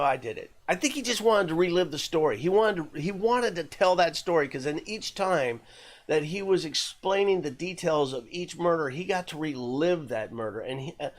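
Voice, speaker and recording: A man's voice: on the high side, a bit bright. A man hosting a podcast, telling a true-crime story in a loose, conversational way, with lots of fillers and the odd curse word.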